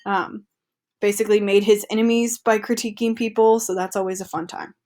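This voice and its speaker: A woman's voice: mid-range voice, flat delivery, fairly quick, mellow. A woman teacher reading an article aloud to her students in a chatty, upbeat way with casual asides.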